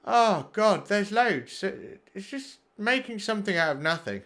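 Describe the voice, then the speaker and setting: A man's voice: high voice, sing-song, measured pace, a bit bright. A man streaming sim racing, blunt and sweary as he talks through race replays and chats with his viewers. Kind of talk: live commentary on race replays.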